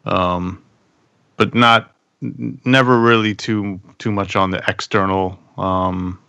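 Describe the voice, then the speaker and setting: A man in his thirties on a podcast, talking casually and reflectively about fatherhood, halting with many fillers. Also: low voice, gravelly, fairly bright tone, no echo. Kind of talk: casual chat.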